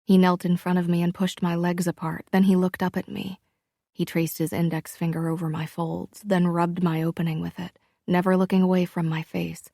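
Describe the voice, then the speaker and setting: A woman narrates a first-person romance audiobook, reading slowly and intimately. Her voice is low-pitched with a gravelly rasp. The recording is dry and close. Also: level tone, mellow, dry recording.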